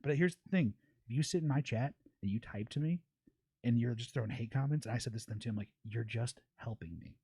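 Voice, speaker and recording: A man on a podcast who talks in a quick, lively rush, jumping into other people's voices as he tells a story. His voice sits in a middle pitch. The room sounds dry and close. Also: breathy edge, no room sound. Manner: fast, animated storytelling with swearing and quoted voices. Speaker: podcast host and streamer. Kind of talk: casual chat.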